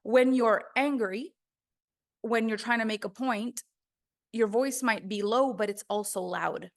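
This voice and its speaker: A woman's voice: a little high, a little slow. A woman teaching a course on the voice in a casual, chatty way, full of "like" fillers. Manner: chatty, conversational, many "like" fillers.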